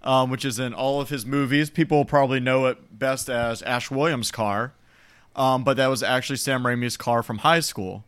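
A man with an ordinary mid-range voice chatting on a film podcast. He jumps in with trivia and laughs easily in relaxed conversation. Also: medium pitch, moderate pace, smooth. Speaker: podcast co-host. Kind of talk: casual film discussion.

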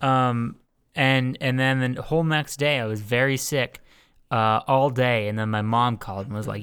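A man's voice: medium pitch, fairly even intonation, moderate pace, a bit bright, smooth, dry recording, clean studio sound. A young man hosting a casual podcast, teasing his co-hosts and swearing freely. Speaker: podcast host.

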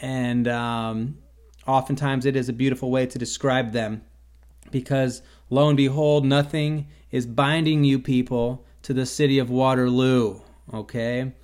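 A man talks on his own in a loose, rambling way, dropping dry sarcastic asides. His voice sits at a middle pitch, neither high nor low. He hosts the show alone. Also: steady tone, measured pace, a little mellow. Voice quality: stutters on his own name at times. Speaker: podcast host. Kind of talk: casual solo monologue.

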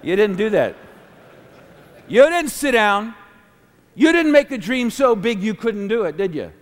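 A high-pitched, lively male preacher delivers a sermon that lurches from loud, ringing peaks down to soft, murmured lines. His voice rolls through a long reverb, as if filling a big auditorium. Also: a little slow. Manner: dramatic swings from booming to hushed, laughing between phrases.

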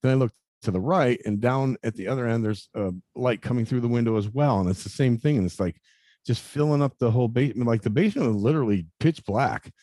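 Halting, earnest man in his fifties. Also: medium pitch, warm tone, no room sound, studio quality. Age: 50s. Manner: halting, repeats words, many "you know" fillers; earnest, confessional. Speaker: interview guest. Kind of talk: personal story in conversation.

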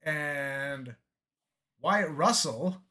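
Bright man winging a movie pitch. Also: extremely slow. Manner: casual, winging it, upbeat. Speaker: comedy podcast co-host. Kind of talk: improvised comedic pitch.

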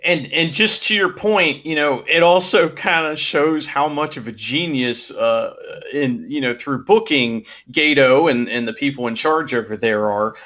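Brief: slightly high male co-host, measured explanations, lo-fi audio. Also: a bit bright. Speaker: podcast co-host. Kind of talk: casual chat.

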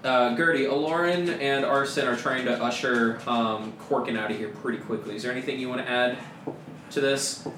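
A man's voice: medium pitch, fairly even intonation, normal speed. Man gm'ing a tabletop game, lots of ums, echoey noisy room. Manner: loose, hesitant, lots of ums. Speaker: game master. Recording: roomy and noisy.

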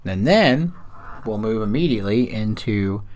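A man hosting a comedy podcast, jokey and animated, running the segments with quick asides and swearing. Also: on the low side. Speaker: podcast host. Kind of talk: casual comedy podcast chat.

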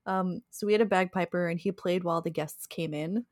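A young woman with a slightly low voice, chatting casually as a podcast co-host. She tells stories in a loose, chatty way and often breaks into laughter. The recording is close and dry. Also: fairly even intonation, brisk, a little mellow, dry recording. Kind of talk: casual chat.

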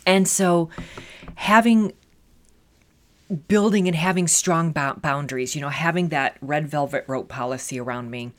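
Earnest low-voiced middle-aged woman. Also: a little slow. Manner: earnest and reflective, many "you know" fillers. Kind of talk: personal storytelling talk.

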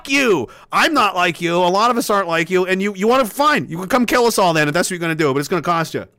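A livestream host delivering an angry, swearing rant, dropping to a low sneer and then rising to loud shouts. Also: male voice, lively intonation, fast. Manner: heavy swearing, repeated hammering phrases.

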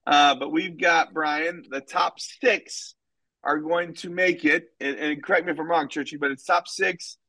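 A man, a soccer coach co-hosting a podcast, chatting casually and rambling through animated stories with many fillers. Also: on the high side, unhurried, no room sound, low-quality recording. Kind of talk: casual chat and storytelling.

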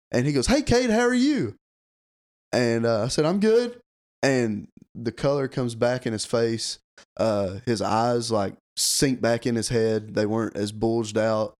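Young guy telling a story, lowish voice, acts out the lines. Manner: animated storyteller, acts out quotes. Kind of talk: casual storytelling.

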